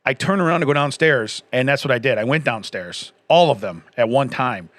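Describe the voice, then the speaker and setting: A man's voice: medium pitch, expressive, fairly quick, a bit bright, no room sound. Man, forties, casual podcast chat, rambling stories, laughs a lot, dry close sound. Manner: rambling storyteller, laughs often. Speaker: podcast co-host.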